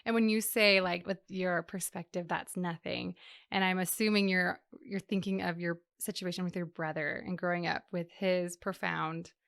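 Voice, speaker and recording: A woman's voice: on the low side, steady tone, normal speed, gravelly, a bit bright, dry recording, clean studio sound. A woman hosting a casual interview podcast, enthusiastic and affirming, who laughs along with her guest. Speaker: podcast host.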